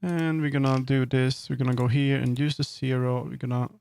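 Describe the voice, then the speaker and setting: A man's voice: medium pitch, level tone, brisk, gravelly, darkish tone, smooth. A man chatting casually on a live stream, thinking aloud and correcting himself as he works. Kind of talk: casual live-stream chat while working.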